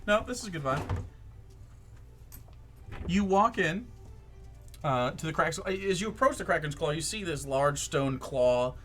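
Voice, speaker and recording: A man's voice: on the high side, animated, a little slow, long pauses, a bit bright, faint music behind. A man narrating a tabletop game as game master, casual and profane, with many ums and likes.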